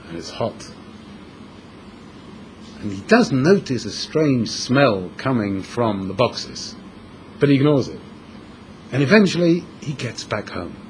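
A man's voice: medium pitch, slight background noise. A man telling a dramatic story as a sermon to a room of young men, repeating words for emphasis. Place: room with an audience.

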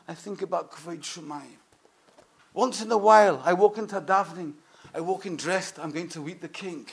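Brief: man with a very high voice, impassioned sermon. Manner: impassioned, swings from loud to hushed. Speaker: rabbi.

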